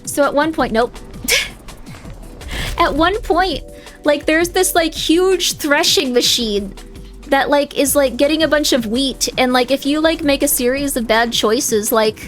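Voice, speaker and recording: High-voiced and a little slow, a woman streamer rambles casually while playing, filling her talk with "like" and other fillers. Faint game music runs in the background.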